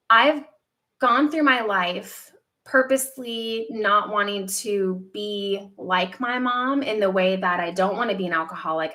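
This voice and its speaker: A woman in her thirties hosting a casual livestream from home, telling a personal story candidly, with lively quoted asides. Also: medium pitch. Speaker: livestream host.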